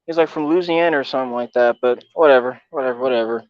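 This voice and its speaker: A man's voice: medium pitch, quick pace, no echo, lo-fi sound. A man from Texas talking casually as a co-host, rambling and swearing with many fillers. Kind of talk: casual chat.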